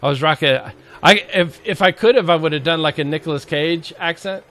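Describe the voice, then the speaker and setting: This man's voice is fairly high and fairly bright, and he talks fairly quickly. He's streaming a survival game live, bantering playfully with viewers and tossing jokes at the zombies in a casual running commentary.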